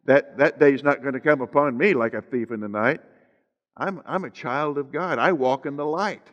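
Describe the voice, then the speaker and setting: A man's voice: mid-range voice, normal speed, a bit bright, dull audio. A man preaching a sermon as pastor, stretching out scripture phrases for emphasis and slipping in joking asides to the congregation. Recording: long hall reverb.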